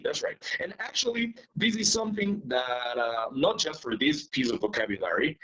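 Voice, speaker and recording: A man leads an English lesson over a video call. His voice rises and falls a lot, which keeps it lively. He patiently repeats each question until a student answers. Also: mid-range voice, moderate pace, few pauses, rough recording. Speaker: English teacher. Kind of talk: online class teaching.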